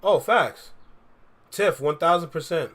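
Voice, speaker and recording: On his livestream, a young male reaction streamer talks a little slowly in a voice on the high side with a fairly bright tone. He's easygoing and slang-heavy, reading viewer messages from chat and replying to them.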